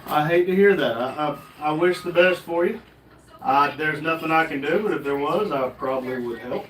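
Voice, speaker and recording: A man's voice: fairly high pitch, normal speed, fairly bright tone, reverberant, distant mic, slight background noise, poor audio. A man, co-hosting a casual livestream with offhand joking remarks. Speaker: co-host on livestream.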